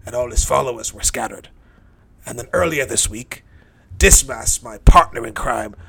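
Playing a bitter, hardened thief dying on a cross, a man delivers a brooding, cynical first-person monologue in a low-key manner. His voice is gravelly and a bit bright with a breathy edge.

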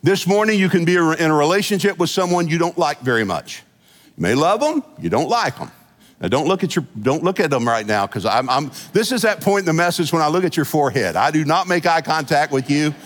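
A man preaching a sermon as senior pastor, with a folksy, animated delivery full of chuckles and asides. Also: on the high side, brisk, long reverb tail. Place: church sanctuary.

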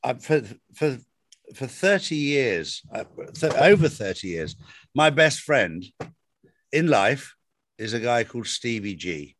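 A man's voice: medium pitch, big pitch swings, takes it slowly, fairly bright tone, a little hiss or hum. A man in casual conversation about faith, telling personal stories and repeating phrases for emphasis. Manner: storytelling, emphatic repetitions.

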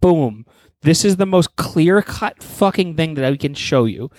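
A man's voice: a little high, expressive, a little slow, darkish tone, dry recording, studio quality. A man co-hosting a casual podcast, arguing stubbornly and swearing a lot. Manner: stubborn, profane, argumentative banter. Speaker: podcast co-host. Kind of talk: casual chat.

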